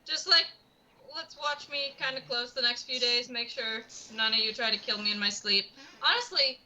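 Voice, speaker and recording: A woman playing a tabletop game online, chatting in an animated, teasing way and laughing often. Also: fairly high pitch, moderate pace. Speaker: player. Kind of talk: casual tabletop game chat.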